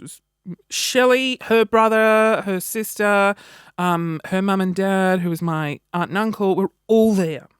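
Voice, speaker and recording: A woman, telling a story in a casual vlog with animated, wry delivery. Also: medium pitch, clean tone, no room sound, studio quality. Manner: animated, wry, acts out quoted reactions. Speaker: vlogger.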